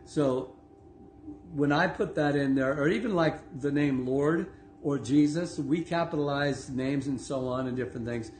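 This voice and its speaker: A man teaching from the Bible in a loose, conversational way, full of asides and little laughs. His voice sits a bit high for a man. The room sounds echoey, with a faint hiss behind him. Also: darkish tone. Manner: conversational, laughs often, many asides and okays; slows down to read scripture aloud. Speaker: preacher. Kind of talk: casual online Bible teaching.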